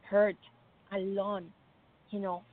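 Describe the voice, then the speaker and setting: A woman's voice: medium pitch, flat delivery, slow pace. A woman telling an emotional faith testimony in an earnest way, acting out the voices she quotes. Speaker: speaker sharing a personal faith testimony. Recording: tinny phone-like dry sound.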